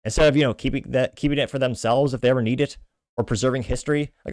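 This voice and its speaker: Male podcast host, mid-range voice, quick scornful delivery, dry booth sound. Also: mid-range voice, a little mellow, dry recording. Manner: brisk, scornful commentary between read-out quotes. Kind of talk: reading out and commenting on social media posts.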